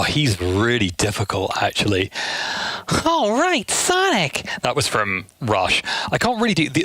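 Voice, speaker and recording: Animated, bright-voiced man streaming. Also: mid-range voice, vocal fry, dry recording. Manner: animated and chatty, speeding up in asides. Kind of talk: casual stream chat. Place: home room at night. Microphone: headset.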